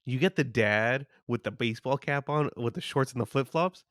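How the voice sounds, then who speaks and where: A man co-hosting a podcast in a casual chat, agreeable and quick to laugh along. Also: mid-range voice, fairly bright tone, dry recording, studio quality. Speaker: podcast co-host.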